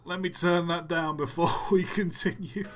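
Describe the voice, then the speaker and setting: A man's voice: sits high, fairly even intonation, moderate pace, background noise. A man hosting a live stream, tired and yawning, giving dry, sarcastic running commentary on pictures with groans of disbelief. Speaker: livestream host.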